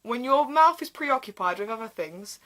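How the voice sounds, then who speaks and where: Bright-voiced sarcastic young woman. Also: fairly high pitch, animated, moderate pace. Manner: sarcastic, giggly, crude asides. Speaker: YouTuber reading fan fiction aloud. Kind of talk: comedic reading with commentary.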